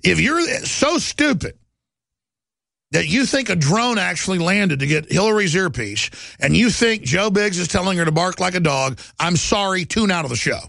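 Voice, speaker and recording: Male host, combative ranting monologue, gravelly and forceful, raised pitch, dry. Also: lively intonation, moderate pace, no room sound. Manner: combative, ranting, rising to outbursts. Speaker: talk show host. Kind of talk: talk radio monologue.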